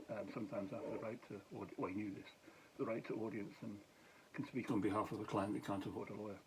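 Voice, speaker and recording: Casting note: tired, middle-aged Scottish man, lowish voice, rambling anecdote with restarts and chuckles, faint hiss behind. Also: fairly even intonation, fast talker, rough recording. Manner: meandering, many restarts and asides, chuckles. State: tired, late at night. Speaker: vlogger, former police officer. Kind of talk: rambling late-night storytelling.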